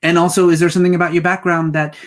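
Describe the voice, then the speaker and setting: A man's voice: on the high side, level tone, rapid-fire. A man hosting an interview, asking long, thoughtful questions with some hesitations and restarts. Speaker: talk show host, interviewer. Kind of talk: conversational interview over drinks.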